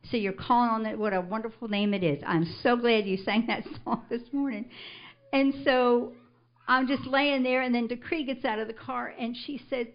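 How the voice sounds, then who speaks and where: An older woman recounts her testimony to a church congregation. She tells the story in an animated way and swells into emphatic scripture declarations. The recording is muffled and lo-fi. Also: on the high side, normal speed. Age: older, a grandmother. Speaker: church member giving a testimony. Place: church service.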